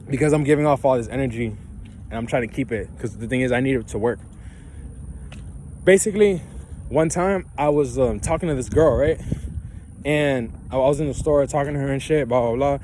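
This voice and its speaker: A man's voice: medium pitch, darkish tone, slight background noise. A young man vlogging in a loose, profane monologue, laughing now and then and tagging his points with "right?". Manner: profane, ends phrases with "right?"; loose, laughing, preachy about self-belief. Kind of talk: casual rambling monologue.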